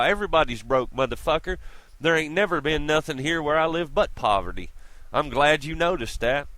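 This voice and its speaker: A man's voice: medium pitch, a bit bright, poor audio. A man ranting to camera in a vlog, blunt and profane, with mocking street slang. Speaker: vlogger. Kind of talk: angry profane rant to camera.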